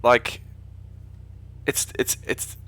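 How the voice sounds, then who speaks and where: A man's voice: very slow, a bit bright, no echo. A man with an English accent chatting casually on a live stream while flying a simulator, rambling and often correcting himself. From England. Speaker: flight sim streamer.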